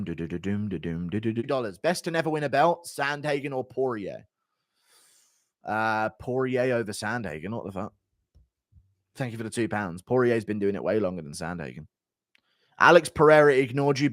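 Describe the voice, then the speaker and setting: A young man in his mid-twenties hosts a casual livestream. His pitch swings around a lot as he reads donations and jokes bluntly with chat, and the sound is dry and close with no room echo. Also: a bit bright. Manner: blunt, offhand, banters with chat. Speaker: livestream host.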